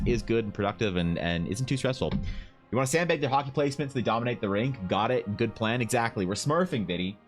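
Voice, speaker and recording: A man streaming while he draws, chatting casually and joking with viewers as he reads their messages. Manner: joking, teasing chat with swings in pitch. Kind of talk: casual live-stream chat.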